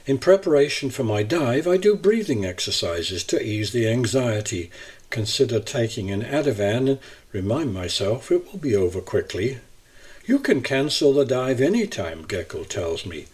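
A man narrating a first-person travel essay in a measured, even reading style. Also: fairly low pitch, husky.

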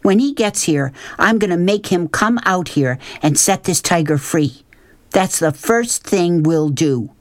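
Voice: mid-range voice, animated, unhurried, dry recording, studio quality, pitched above the performer's own voice, natural voice. A reader voicing an angry, grieving young girl who talks hard and snaps. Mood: pleading. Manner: hard, snapping, tearful.

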